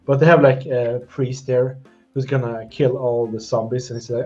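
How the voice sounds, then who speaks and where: A man's voice: mid-range voice, level tone, normal speed, darkish tone, husky, soft background music. A man from Sweden chatting casually as co-host, rambling and trailing off mid-sentence. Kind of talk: casual chat. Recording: dull lo-fi audio.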